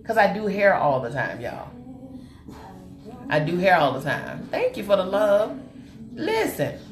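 A woman's voice: on the low side, unhurried. A woman hosting a live makeup tutorial, chatting with her viewers as she works and calling them honey and sugar. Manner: animated and chatty, greets viewers with terms of endearment. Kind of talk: live-stream chat with viewers while demonstrating makeup. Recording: roomy echo with faint music behind.

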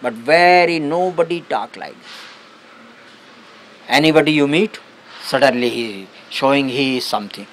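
A male spiritual teacher giving a satsang talk on meditation, speaking unhurried, halting English with many restarts. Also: mid-range voice, a bit bright, a little hiss or hum, low-quality recording.

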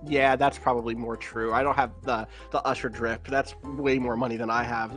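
A man's voice: medium pitch, little pitch movement, normal speed, fairly bright tone, soft background music. A man chatting casually and joking with friends on a game stream. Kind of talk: casual chat.

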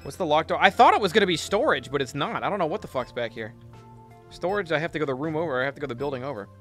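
A young man chatting loosely on a game stream, cursing freely as he tells stories. His voice sits a little high and has a bright, forceful edge. Music plays faintly behind him. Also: expressive, racing. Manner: storytelling, profane, reads chat aloud. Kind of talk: casual gaming stream chat.

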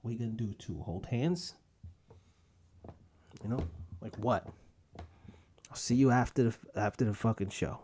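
A man's voice: normal speed, pauses often, a little mellow, slight background noise. A young adult man hosting a podcast, telling profane jokey stories in a loose casual rant. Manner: loose, profane, jokey storytelling with sudden pitch jumps. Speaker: podcast host.

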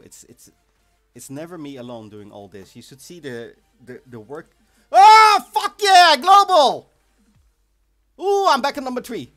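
A man hosting a live game stream, chatting casually and excitably, sometimes bursting into shouts. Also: mid-range voice. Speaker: livestream host of an online game event. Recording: faint music in the background.

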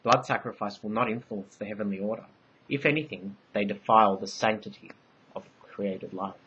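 A man voicing an ancient all-knowing divine queen, part bee, speaking in solemn, measured pronouncements. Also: on the low side, fairly even intonation, bright, forceful tone, dull audio, slight background noise.

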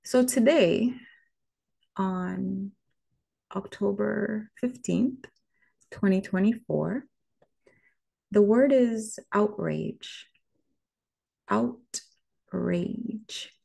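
A woman vlogger giving a reflective word-of-the-day talk, speaking directly to the viewer in a measured way. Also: medium pitch, gravelly, dark tone, husky.

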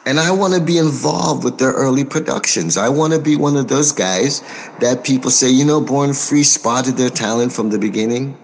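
An American man, a record producer, answering interview questions in a measured way, pausing often with soft fillers and speaking forthrightly. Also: medium pitch. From United States. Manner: outspoken and forthright. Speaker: record producer and label owner.

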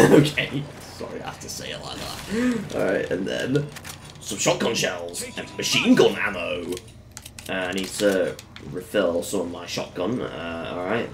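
A man's voice: low voice, very animated, a little slow, vocal fry, background noise. A man giving casual let's-play commentary, chatty and swearing, with lots of fillers and laughing at his own jokes. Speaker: gamer.

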